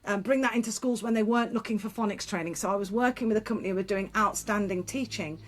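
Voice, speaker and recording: A middle-aged woman, a guest speaker and former teacher, telling stories in a frank, lively way with laughs and quick restarts. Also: medium pitch. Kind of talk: casual interview storytelling.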